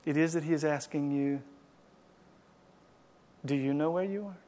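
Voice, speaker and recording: At a church service, a male pastor preaches to the congregation and leads a closing prayer, swinging between loud, impassioned exhortation and quiet, hushed pleading. His voice is a little high and his speed normal.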